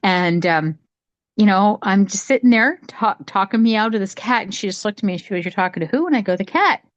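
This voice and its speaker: A woman talking casually from home on a video call, telling a childhood story in a rambling, animated way with many restarts. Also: medium pitch, brisk, dry recording, muffled recording. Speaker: psychic medium sharing her story. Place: home, cat nearby.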